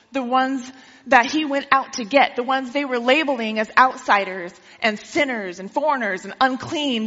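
A woman preacher who tells a parable in a lively way during a sermon and keeps checking in with her listeners. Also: sits high. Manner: lively storytelling, asks listeners questions. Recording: dull with long hall reverb.

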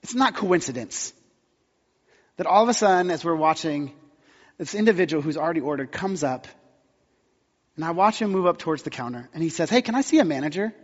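A man's voice: fairly high pitch, animated, fairly quick, long pauses. A man preaching a sermon as a pastor, telling a story in a casual, conversational way with acted-out quotes. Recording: dull sound with long hall reverb.

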